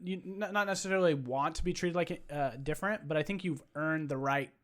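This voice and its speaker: A man's voice: a little high, brisk, a bit bright. A young man co-hosting a podcast, asking questions and chiming in with short affirmations. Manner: attentive listener, short affirmations, reads stats aloud. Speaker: podcast co-host. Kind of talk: casual chat.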